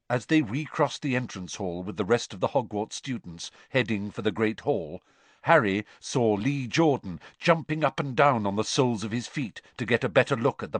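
Expressive male audiobook narrator. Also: medium pitch, no room sound. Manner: expressive, measured storytelling. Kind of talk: scripted narration.

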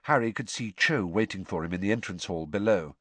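A man reading a novel aloud in measured storytelling narration. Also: on the low side, animated, no echo. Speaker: audiobook narrator. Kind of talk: scripted narration.

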